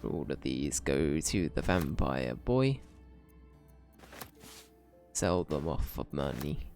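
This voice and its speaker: A man's voice: very deep voice, very animated, takes it slowly, creaky, a little mellow, soft background music. A man streaming a video game, chatting in a laid-back, rambling way and swearing freely. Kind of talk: casual gameplay commentary.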